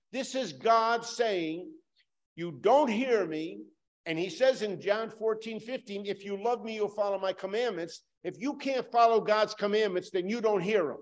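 A man preaching a sermon emphatically, repeating lines for stress and swinging from loud to hushed. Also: fairly high pitch.

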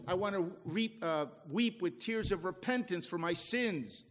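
High-voiced folksy preacher in reverberant hall. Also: male voice, unhurried. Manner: folksy, emphatic preaching with repeated restarts. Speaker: pastor. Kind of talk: sermon.

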